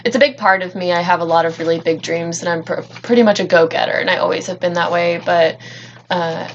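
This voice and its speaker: Woman, late 20s, low-ish voice, halting and earnest, slightly dull recording. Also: fairly even intonation, slight background noise. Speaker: podcast co-host. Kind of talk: casual self-introduction.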